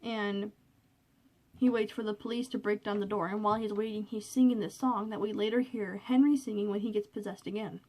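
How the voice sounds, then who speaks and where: A woman's voice: medium pitch, fairly even intonation, a little fast, darkish tone, slight background noise. A woman vlogging alone in her bedroom into a cell phone, chatty and rambling with lots of fillers, a little nervous. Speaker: vlogger reviewing a movie. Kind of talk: casual chat.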